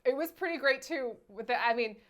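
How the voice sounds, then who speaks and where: Animated, higher-pitched woman reviewing a film. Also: a little fast. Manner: animated, acts out quotes in silly voices. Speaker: podcast co-host, movie reviewer. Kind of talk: casual chat.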